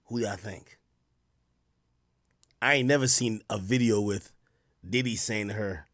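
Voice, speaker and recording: A man doing casual live-stream commentary, reacting to clips and reading out donations, with loud animated outbursts. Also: lowish voice, a little slow, long pauses. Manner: animated, loud bursts of laughter and shouting, reads donations.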